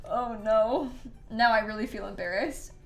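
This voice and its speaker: A woman's slightly high voice, marked by vocal fry, comes at a measured pace with faint music in the background. She's casually chatting through a game stream, telling stories and laughing frequently.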